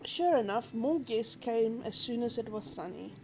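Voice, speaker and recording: A woman's voice: fairly high pitch, lively intonation, normal speed, a little mellow, a little hiss or hum. A woman streamer reading a visual novel aloud in an easygoing way. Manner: easygoing, chatty asides.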